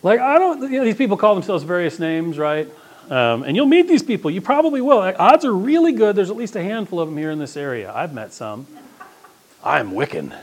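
Guy preaching, chatty and emphatic, voice a bit high and bouncing all over. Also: fast talker. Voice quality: conversational, animated, emphatic. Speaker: pastor. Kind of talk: sermon.

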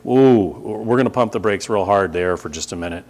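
A man's voice: sits low, quick pace. A man, preaching a conversational sermon with emphatic repetition. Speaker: pastor.

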